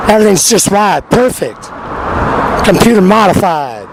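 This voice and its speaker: A man's voice: sits high, moderate pace, creaky. A man hosting a street radio show, talking in a rambling, repetitive, emphatic monologue outdoors by a busy road. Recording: outdoor recording with loud traffic noise.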